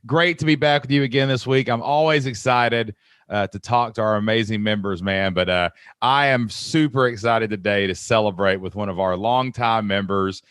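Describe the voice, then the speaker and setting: This podcast host, an American man in his thirties, speaks at a moderate pace in a smooth voice on the low side. He tells stories enthusiastically during the interview, animating them with quoted voices, all captured in clean studio sound without any room sound.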